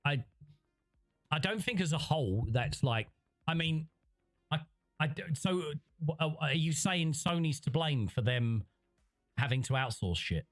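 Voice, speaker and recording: A man chats through a gaming livestream in a loose, rambling way, often restarting his sentences as he reads out chat. His pitch sits in a middle range for a man. Soft music plays faintly behind him. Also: animated, measured pace. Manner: rambling, conversational, frequent restarts. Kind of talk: livestream commentary, reading chat.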